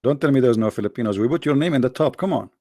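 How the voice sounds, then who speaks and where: A middle-aged man hosting a livestream, joking sarcastically and reading the chat aloud, in halting non-native English. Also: medium pitch, expressive, warm tone, no echo. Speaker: livestream host. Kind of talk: casual live-chat banter.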